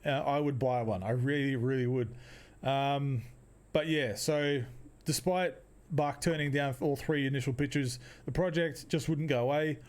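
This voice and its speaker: A man's voice: medium pitch, steady tone, unhurried. A young man hosting a casual solo podcast, rambling, laughing often and restarting his sentences. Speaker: podcast host.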